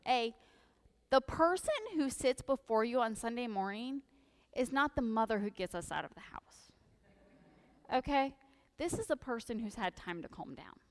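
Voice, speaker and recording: A woman priest giving a lively, humorous sermon in a church, full of animated, sarcastic asides. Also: mid-range voice, long reverb tail. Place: church sanctuary.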